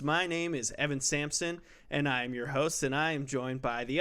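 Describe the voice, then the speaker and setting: A man's voice: on the high side, steady tone, normal speed, hardly any pauses, pushed and bright, clear, resonant tone. A young man hosting a casual podcast about games, joking and self-deprecating as he rambles through the intro. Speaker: podcast host. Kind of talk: casual chat.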